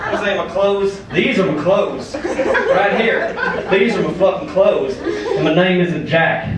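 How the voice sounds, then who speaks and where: A man's voice: sits high, slow pace, far from the mic. A man playing a brash Southern redneck comic. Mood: boastful. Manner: loud, boastful, drawling. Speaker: stand-up comedian. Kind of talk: stand-up comedy. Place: comedy club stage. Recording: echoey club heard from afar. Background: crowd laughing.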